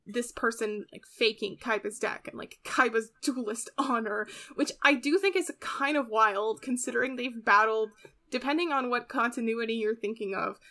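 Young woman, podcast co-host, bright clear voice, chatty, lots of fillers. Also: a little high, moderate pace. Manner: chatty, many "like" fillers, giggly. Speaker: podcast co-host recapping an anime episode. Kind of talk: casual chat.

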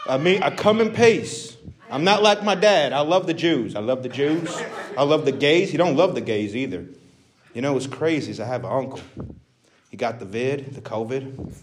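A man's voice: mid-range voice, moderate pace, noisy background, natural voice. A male comedian voicing a crude, rambling Texas redneck character on stage. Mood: mock-friendly. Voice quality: crude, drawling, self-mocking patter. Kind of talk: stand-up character bit.

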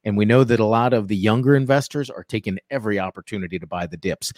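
A man co-hosting a casual trading show, talking through charts in a lively, joking way. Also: fairly low pitch, quick pace, no echo, clean studio sound. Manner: lively, jokey, vivid chart talk. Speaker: co-host. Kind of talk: casual market commentary.

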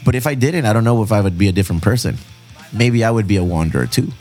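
A man's voice: lowish voice, animated, rapid-fire, darkish tone. A middle-aged man chatting casually on a podcast, teasing and profane, dropping Spanish phrases. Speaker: podcast co-host. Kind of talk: casual chat. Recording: faint guitar music behind.

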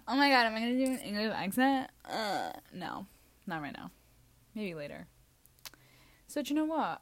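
A young woman vlogging in a rambling, scattered way, goofy and self-mocking, with sudden loud outbursts. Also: mid-range voice, sing-song, moderate pace. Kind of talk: rambling casual monologue.

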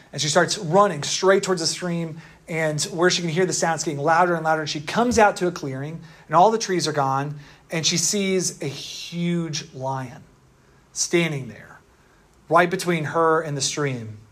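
A man's voice: a little high, moderate pace, fairly bright tone. Chatty man preaching a casual sermon. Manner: casual and chatty, with lots of fillers and tag questions. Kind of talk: conversational sermon.

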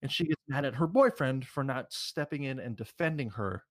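A man's voice: mid-range voice, animated, normal speed, fairly bright tone. A man co-hosting a podcast, rambling through a casual story and acting out what people said. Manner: rambling, restarts, acts out quotes. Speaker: podcast co-host.

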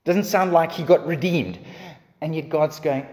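A man's voice: fairly high pitch, a little slow, a little mellow, in a large hall. A male pastor preaching a sermon in a building, repetitive cadence, ending in prayer.

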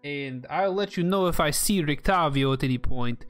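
Smooth-voiced man running a tabletop game. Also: on the high side, normal speed, a bit bright, no echo, soft background music. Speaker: game master.

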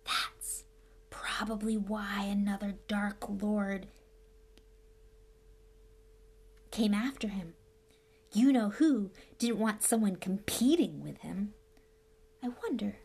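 A woman's voice: mid-range voice, lively intonation, normal speed. Storybook schoolboy, pompous and nervous, read by a woman. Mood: whispering. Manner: whispering, then stubborn and quavering.

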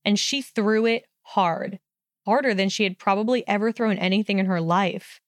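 A woman narrating a story in a steady, measured reading voice. Her tone is smooth and clear, and the recording is dry with no room echo. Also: mid-range voice.

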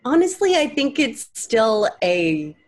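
A woman's voice: fairly high pitch, very animated, slow. A young woman from the American South, a guest actor, with a light Southern accent, telling stories and acting out the people in them. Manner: storytelling, acts out quoted people. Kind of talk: casual interview chat.

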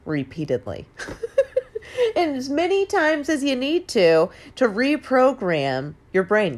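This woman in her forties has a high voice with big pitch swings, and she takes her time. As host of a motivational monologue, she's casual and emphatic, dropping the odd swear word and laughing easily.

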